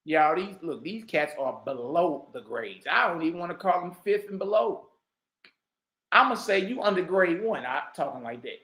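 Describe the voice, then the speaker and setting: A man giving heated, mocking reaction commentary, repeating himself and bursting into shouts. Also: sits high, animated, moderate pace. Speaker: online commentator. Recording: roomy echo.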